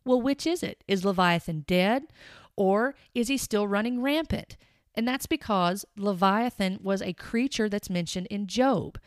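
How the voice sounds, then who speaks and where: A woman in her thirties giving an earnest, emphatic Bible teaching, slowing down to stress her points. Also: medium pitch, dry recording, clean studio sound. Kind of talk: podcast-style teaching monologue.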